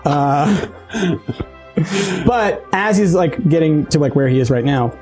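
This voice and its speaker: A man running a tabletop game as game master, laughing often and jumping into excited character squeals. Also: on the high side, slow pace, soft background music.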